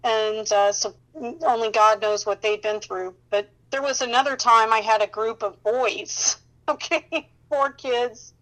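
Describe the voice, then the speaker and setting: Animated woman sharing faith testimonies. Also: a little high, a little slow, rough recording. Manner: animated, emphatic, laughs often while talking; addresses listener directly with "okay?" and "you know".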